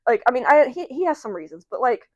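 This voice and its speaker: A woman's voice: a little high, sing-song, quick pace, a little mellow, dry recording, highs cut off. A young woman co-hosting a podcast in casual chat, rambling, swearing freely and laughing often. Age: young adult. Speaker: podcast co-host.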